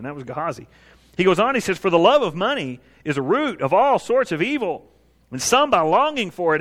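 A man preaching a sermon, retelling Bible stories with lively storytelling and voicing the figures in a lowered tone. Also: big-room sound. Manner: animated storytelling, acting out biblical figures in a lowered voice. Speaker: pastor.

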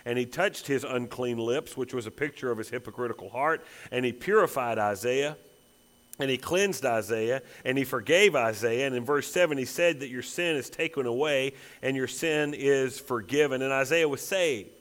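A man's voice: medium pitch, normal speed, fairly bright tone. A man preaching a sermon as pastor, emphatic and building to intense repeated phrases. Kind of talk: expository sermon.

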